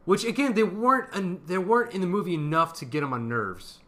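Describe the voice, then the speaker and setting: A young man co-hosting a casual movie review podcast, excited and laughing, swearing freely. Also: high voice, fairly quick. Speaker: podcast co-host.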